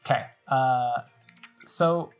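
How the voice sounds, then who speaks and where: A woman's voice: extremely low pitch, very slow, soft background music. A woman podcast host chatting casually while playing a video game, describing everything on screen as she goes.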